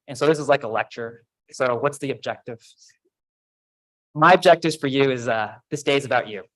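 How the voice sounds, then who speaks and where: A man's voice: medium pitch, fairly bright tone, rough recording. A man at a podium in a big auditorium gives a ceremony speech. He talks in a loose, chatty way and pokes fun at himself as he tells stories. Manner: casual, self-deprecating storytelling. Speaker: faculty speaker. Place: large auditorium. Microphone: podium microphone.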